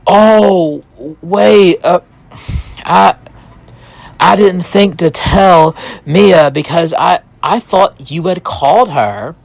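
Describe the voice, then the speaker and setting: A man voicing an excitable, blunt young army sergeant who stammers when flustered. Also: high-pitched, very slow, gravelly, dry recording, voice pushed up, exaggerated voice, low-quality recording.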